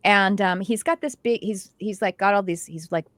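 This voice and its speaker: A middle-aged woman chatting as host, with a mid-range voice and a dry, close sound. She spins lively anecdotes, acting out everyone's lines. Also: mid-range voice, moderate pace, no echo. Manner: animated storytelling with quoted dialogue and laughs. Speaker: host, intuitive development teacher. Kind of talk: casual chat.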